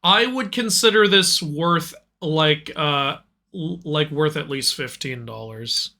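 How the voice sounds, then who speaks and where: Animated, bright-voiced young man hosting. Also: a little high, takes it slowly. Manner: animated, laughs often, many restarts. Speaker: host. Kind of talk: casual chat while gaming.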